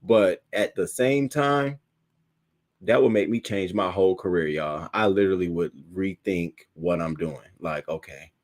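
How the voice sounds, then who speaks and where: A man's voice: sits low, measured pace. A man hosting a casual live stream, chatting with viewers, thanking them by name and retelling viral clips with laughter and mimicry. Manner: animated, laughing storyteller who greets viewers by name. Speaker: livestream host.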